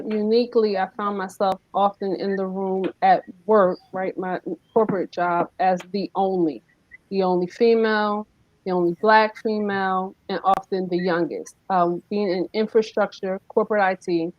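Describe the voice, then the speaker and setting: A woman's voice: medium pitch, fairly even intonation, normal speed, a little mellow, no echo, lo-fi sound. A woman speaking as a guest entrepreneur in a panel-style interview. She talks emphatically and keeps returning to rhetorical questions. The recording is dry and close, with no room sound.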